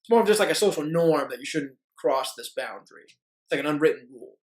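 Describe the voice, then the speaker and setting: A man co-hosting a sports podcast, talking casually and haltingly with lots of "you know" asides. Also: a little high, expressive, poor audio. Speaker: podcast co-host.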